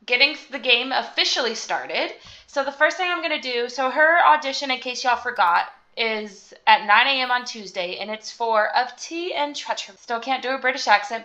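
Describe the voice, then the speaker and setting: A woman's voice: sits high, bright, forceful tone, lo-fi sound. A young woman vlogger giving casual, chatty commentary while playing a life-sim game, giggling and swearing when surprised. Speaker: gaming vlogger.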